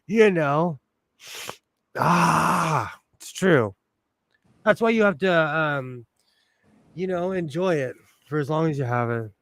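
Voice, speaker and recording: Man in his 40s, slightly high voice, rambling sentimental livestream host, dry close sound. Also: expressive, slow pace, long pauses, fairly bright tone, no room sound. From United States. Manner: rambling and sentimental, many fillers. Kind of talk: casual livestream chat while sewing.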